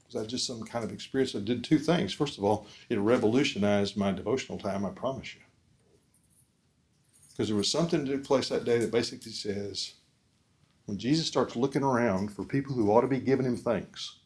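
A man giving an earnest preaching talk at a forum, asking the audience questions and swinging between loud emphasis and soft, quiet lines. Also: mid-range voice, brisk. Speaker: speaker at a discipleship forum.

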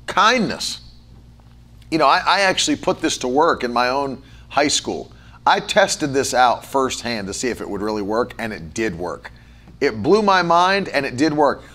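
This male preacher speaks in a mid-range, very animated voice that is a bit bright and a little slow. His sermon alternates between conversational storytelling full of fillers and forceful, rhythmic runs of repeated words.

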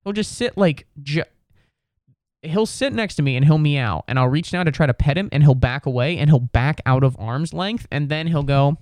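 A young man rants through a solo comedy podcast, his voice bouncing all over with lively pitch and a smooth, resonant tone. The close mic sounds dry. He rambles and swears, stacking up likes and dudes. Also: normal speed, no echo. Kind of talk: casual solo podcast rant.

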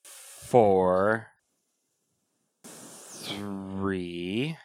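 A woman's voice: rumbling low, very slow, a little mellow, no echo, clean studio sound. A woman from Indiana co-hosting a podcast in casual, teasing chat. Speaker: podcast co-host.

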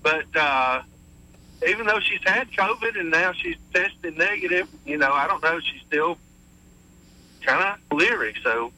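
A man's voice: on the high side, animated, a little slow, pushed and bright, slight background noise, low-quality recording. A middle-aged man calling in to a radio show, upbeat and rambling with many fillers. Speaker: caller. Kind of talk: casual call-in chat.

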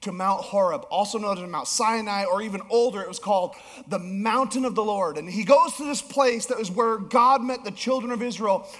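A male pastor preaching a sermon, telling a story with animated swings between emphatic peaks and low, soft passages. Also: brisk, hardly any pauses. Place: church auditorium. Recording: long hall reverb.

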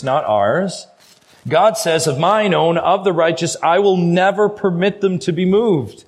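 Middle-aged male pastor, emphatic sermon delivery, slightly high pitch, dynamic rises and drops. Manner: emphatic preaching, rises and falls in pitch and loudness.

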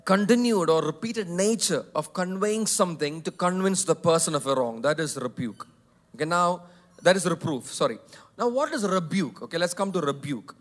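Male pastor, higher register, repeats points, shifts from soft asides to loud emphasis. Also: lively intonation, normal speed. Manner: emphatic, repetitive, swings between loud and soft. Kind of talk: sermon. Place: church hall.

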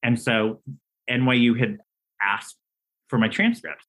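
A man's voice: measured pace, rough recording. A man, a playwright and screenwriter, telling stories casually as an interview guest, talking freely with many restarts. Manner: animated storyteller, acts out quoted dialogue with big pitch jumps; talkative, many fillers and restarts.

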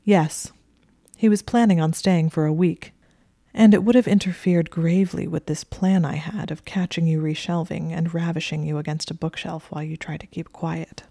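A smug, teasing young wizard who likes to tease his wife , read by a woman. The voice sits low and mellow with a gravelly edge. It is recorded close and dry. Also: steady tone, moderate pace, no echo. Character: teasing possessive young male wizard librarian.

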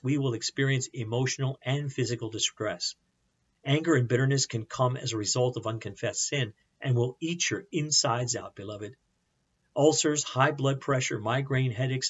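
Husky-voiced male pastor preaching. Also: medium pitch, muffled recording. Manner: earnest preaching with rhetorical questions and humor. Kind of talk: sermon.

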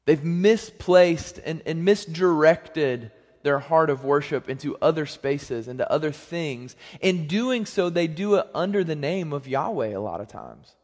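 A young man preaching a sermon as pastor, in a conversational, joking manner with lively swings in pitch and loudness. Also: a little slow, hardly any pauses. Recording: long hall reverb.

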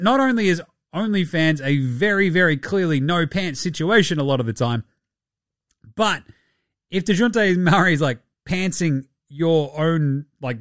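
Lively man with a high voice. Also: no echo, studio quality. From Australia. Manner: animated, swears freely, jokey. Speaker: podcast host. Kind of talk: casual sports podcast chat.

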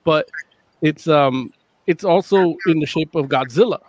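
A man co-hosting a casual movie chat, explaining eagerly with quick restarts. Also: on the high side, darkish tone, no echo.

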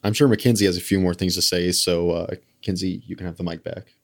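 A man's voice: low-pitched, steady tone, quick pace, no echo, studio quality. A young man, a podcast guest, telling a story in a casual, wry, conversational way.

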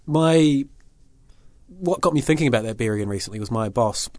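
A man co-hosting a casual podcast, chatty and self-mocking with the odd swear word. His voice sits in a middle pitch, recorded close on a dry mic with no room sound. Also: animated, a little fast, a little mellow, no room sound. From Australia. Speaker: podcast co-host. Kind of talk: casual chat.

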